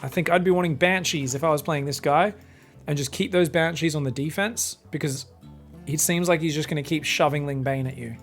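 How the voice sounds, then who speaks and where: A young man casting a strategy game match alone, excitable and crude, swearing freely and joking between plays. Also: fairly high pitch, a little fast, soft background music. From Australia. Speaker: esports caster. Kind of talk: solo game commentary.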